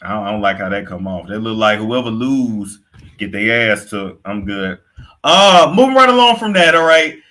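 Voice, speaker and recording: A young man giving casual, profane gossip commentary, animated and quick to react, sometimes slipping into put-on accents. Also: lowish voice. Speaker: commentary host.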